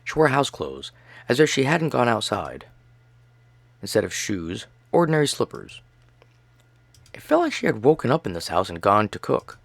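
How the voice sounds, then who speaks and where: Gravelly man narrating a horror game. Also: medium pitch, huge pitch swings, moderate pace, long pauses, a bit bright, no echo. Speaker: gamer reading a story game. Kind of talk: dramatic first-person narration.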